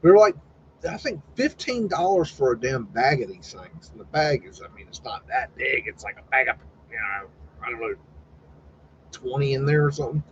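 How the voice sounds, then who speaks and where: Very animated and moving at a moderate pace, a man with a mid-range voice hosts a rambling live stream. He keeps it folksy, swears casually and quotes chats in character voices. Sound is slightly dull, with faint background noise.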